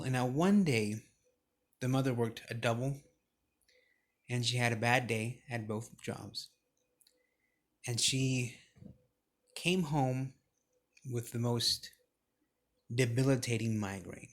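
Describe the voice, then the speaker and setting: Casual, profane male motivational speaker. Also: mid-range voice. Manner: casual and profane, rising to forceful emphasis. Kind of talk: motivational speech.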